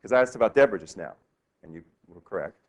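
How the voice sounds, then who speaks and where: A male law professor giving a classroom lecture, lively and quizzing his students with questions. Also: on the low side, fast talker. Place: law school lecture hall.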